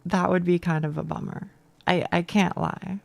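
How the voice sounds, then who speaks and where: A woman's voice: fairly low pitch, steady tone, moderate pace, vocal fry, darkish tone, dry recording. A young woman streaming a game from home on a close mic, chatting casually with chat, self-deprecating, stammering and swearing.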